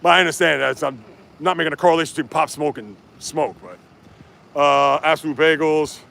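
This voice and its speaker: On a casual livestream, a man runs outdoors through city streets holding his phone, reading viewer comments aloud and chatting. He speaks at normal speed in a slightly high, gravelly, somewhat bright voice.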